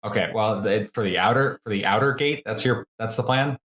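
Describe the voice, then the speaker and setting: A man as game master, calmly explaining rules and narrating a tabletop game in a measured way. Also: on the low side. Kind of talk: running a tabletop game online.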